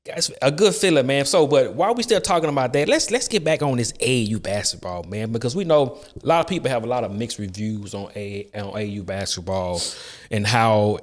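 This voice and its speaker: A man hosts an informal sports conversation, asking questions in a slangy, unhurried way. He keeps affirming what his guest says and speaks in a steady, middle-to-low register. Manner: casual, affirming, slangy, frequent backchannel. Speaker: interview host. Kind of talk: casual interview talk.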